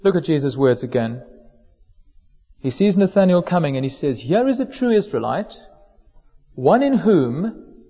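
A man preaches a sermon in a church hall, his mellow voice trailing off into a long reverb. The recording is dull and lo-fi. He talks in a measured way, slowing down to stress key words. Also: a little high. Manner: measured, slows down for emphasis on quoted words.

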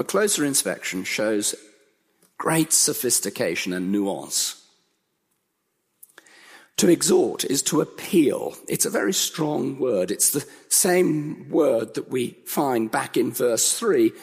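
Male preacher, unhurried, emphatic sermon delivery, reverberant hall. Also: mid-range voice, vocal fry, breathy edge. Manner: earnest, emphatic, building repetition.

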